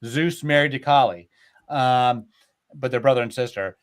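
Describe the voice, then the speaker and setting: A man retelling old myths in a casual, animated way, with lots of filler words, as a podcast host. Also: mid-range voice, moderate pace. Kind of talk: casual storytelling chat.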